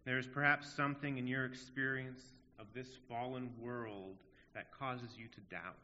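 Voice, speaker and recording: A man's voice: medium pitch, steady tone, a little slow, pushed and bright, slight background noise. A man preaching a sermon in an earnest, emphatic way, asking rhetorical questions. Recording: dull audio in a long-reverb hall.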